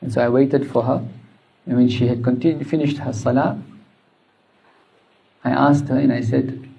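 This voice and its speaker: A man with a gravelly voice of middling pitch teaches a religious lesson. He tells the stories at a measured pace and slips into quoted dialogue along the way. The recording sounds dull and lo-fi. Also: steady tone, dark tone.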